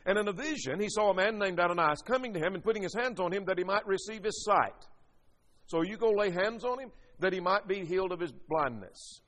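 A man's voice: high-pitched, lively intonation, brisk, fairly bright tone, big-room sound. A man teaching a sermon, reading scripture aloud and explaining it verse by verse. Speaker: preacher.

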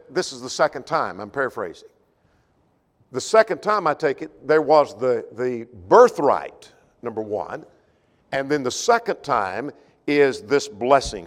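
Man teaching a Bible class in a reverberant hall. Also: medium pitch. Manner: thinks aloud, with frequent restarts and repeated words.

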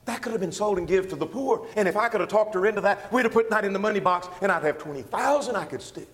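A man preaching an expository sermon, walking through verses with emphatic, animated delivery. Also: high-pitched, quick pace, in a large hall. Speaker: pastor.

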